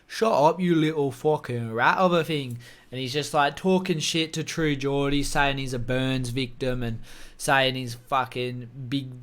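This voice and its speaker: A man's voice: medium pitch, sharp tone, clean tone. A man talking casually to camera, giving opinionated, rambling takes on fights and swearing freely. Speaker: MMA commentary YouTuber.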